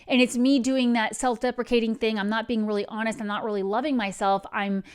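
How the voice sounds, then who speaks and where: A woman's voice: on the high side, fairly even intonation, fairly quick, smooth. A woman hosting a spiritual advice channel, talking in an earnest, meandering way that drifts into digressions.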